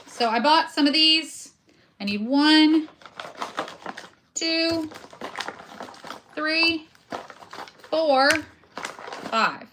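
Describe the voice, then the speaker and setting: A woman's voice: sits high, background noise. A woman chatting casually to her viewers while she works on a craft project, joking about herself as she goes. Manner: chatty, self-deprecating, talks while working with hands. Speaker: crafting video host.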